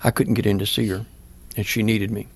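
A man's voice: fairly low pitch, flat delivery, fairly quick, husky. An older man, a pastor, earnestly telling a personal story in plain words during an interview. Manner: plain-spoken, earnest, acts out remembered dialogue.

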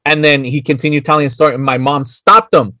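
A man's voice: fairly high pitch, fast talker, dry recording. A man, chatting casually as podcast co-host, swearing freely and slipping into Spanish. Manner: profane, animated, code-switches into Spanish. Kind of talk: casual chat.

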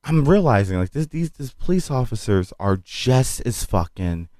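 A man, a comedian guest, telling a story in casual chat, animated and profane, acting out what others said. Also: medium pitch, moderate pace, no room sound, clean studio sound. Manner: animated, profane, acts out quotes.

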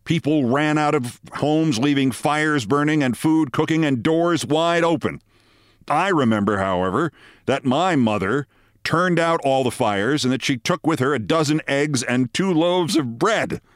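A man's voice: on the high side, animated, unhurried, dry recording, studio quality. A man reading a humorous story aloud in a vivid, dramatic storytelling manner. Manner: vivid storytelling, loudly acting out shouted cries.

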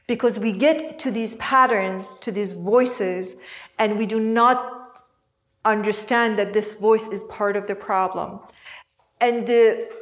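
Calm woman teaching a group. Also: fairly high pitch. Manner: calm, asks the listeners questions. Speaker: workshop teacher and podcast host. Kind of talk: reflective teaching talk to a group.

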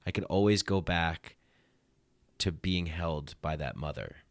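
Deep voiced guy hosting a podcast, earnest and reflective, dry close mic. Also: animated, a little slow, no room sound. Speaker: podcast host. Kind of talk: casual heartfelt conversation.

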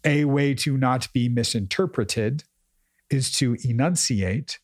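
A man's voice: mid-range voice, slow, no echo, studio quality. A man co-hosting a casual chat, explaining his coaching approach emphatically and often repeating words as he thinks. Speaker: podcast co-host, coach.

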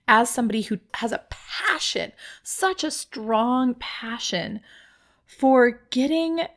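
A woman hosting a podcast, talking in a chatty, expressive monologue and calling herself loud. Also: a little high. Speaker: podcast host.

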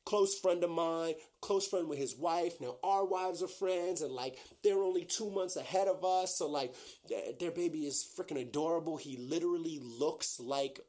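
A man's voice: fairly high pitch, moderate pace, dark tone. A man hosting his own podcast, talking in a casual, rambling monologue full of "like" and "you know" and turning openly emotional. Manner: gushing and emotional. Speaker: podcast host.

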